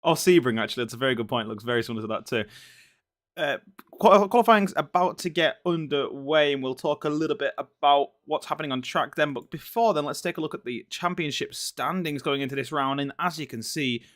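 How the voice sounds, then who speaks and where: A man's voice: on the high side, brisk, fairly bright tone. A man with a Yorkshire accent commentating a sim racing league, chatty and joking. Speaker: race commentator. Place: commentary box.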